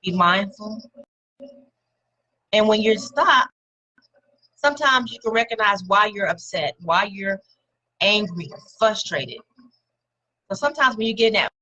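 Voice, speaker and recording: A woman's voice: mid-range voice, bright, forceful tone, poor audio. A woman giving a casual motivational talk to her viewers, encouraging and conversational, leaning on repeated words for emphasis. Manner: speaks directly to viewers and names them.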